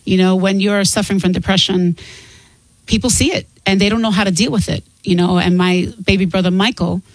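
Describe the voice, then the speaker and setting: A woman's voice: mid-range voice, fairly even intonation, brisk, dry recording, poor audio. Earnest woman on dry studio mic. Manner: earnest and open, laughs easily. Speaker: guest author. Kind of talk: candid interview conversation.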